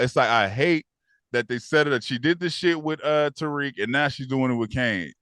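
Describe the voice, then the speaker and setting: A man co-hosting a casual TV recap podcast, animated and acting out characters in raised voices. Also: mid-range voice, brisk, smooth, no echo, clean studio sound. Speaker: podcast co-host.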